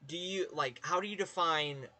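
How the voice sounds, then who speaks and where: A man's voice: a little high, normal speed, pushed and bright. A man with a Southern US accent, chatting casually with his live-stream viewers, rambling and swearing as he talks to chat.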